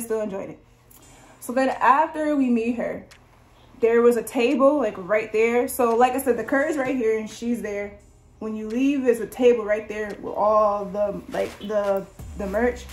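A young woman vlogger chatting through a storytime in a casual, excited way, full of "like". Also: on the high side. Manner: chatty, lots of "like", excited retelling.

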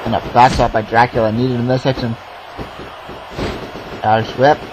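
A man giving casual play-by-play commentary on a wrestling game, excitable and swearing, shouting at big moves. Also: mid-range voice, normal speed, background noise.

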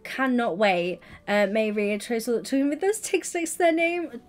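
An excitable woman livestreamer chats while she plays a building game. Her talk is gushing and affectionate, and she welcomes viewers by name. Faint music plays behind her. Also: on the high side, moderate pace. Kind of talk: casual gaming livestream chat.

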